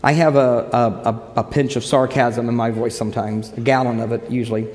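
A man preaching a sermon, telling a scripture story with lively asides and quoted lines. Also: mid-range voice, a little fast. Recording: long hall reverb.

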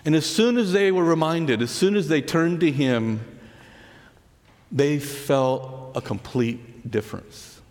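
A man preaching a sermon, telling the story earnestly and dropping to soft, hushed words on key lines. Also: on the high side, expressive, takes it slowly. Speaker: pastor. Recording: long hall reverb.

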